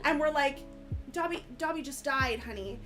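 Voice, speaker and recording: A woman's voice: high-pitched, moderate pace, faint music behind. A woman in her thirties, a podcast guest chatting casually and retelling family stories with lots of laughter. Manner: laughing storyteller, animated retelling. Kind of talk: casual chat.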